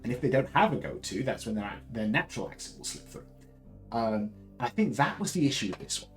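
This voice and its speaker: Southern english bloke, deep baritone, chatty and rambly, voice goes up and down a lot, faint music behind. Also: male voice, sing-song, a little fast, low-quality recording. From Southern England. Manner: rambling, many fillers and restarts. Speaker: host. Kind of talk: casual live chat.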